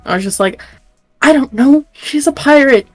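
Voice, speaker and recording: A woman's voice: high-pitched, expressive, normal speed, dry recording, soft background music, rough recording. A woman player telling a rambling anecdote in casual chat. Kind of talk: casual chat at a tabletop game.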